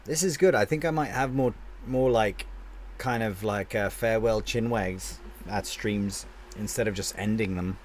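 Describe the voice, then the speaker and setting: Low-voiced chatty male game streamer. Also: unhurried, slight background noise. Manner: chatty, replies to chat comments aloud, restarts sentences. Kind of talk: casual live-stream chat with viewers.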